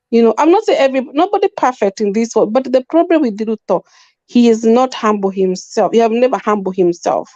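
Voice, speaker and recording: A woman with a Kenyan accent speaks with fervent, repetitive emphasis. Her voice sits high, and it is captured close and dry. The audio is dull and lo-fi. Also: a little mellow, no room sound. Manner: emphatic, repetitive, mixes in Swahili. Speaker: panel guest. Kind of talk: impassioned political opinion.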